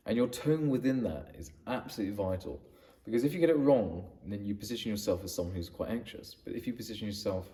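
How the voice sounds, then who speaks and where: A low-voiced man talks through sales advice in a relaxed, mellow tone, circling back and repeating himself as he builds his points. He sits a little back from the microphone, so his voice sounds slightly distant. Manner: conversational, with frequent restarts and emphatic repetition. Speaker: business coach. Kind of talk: direct-to-camera advice video.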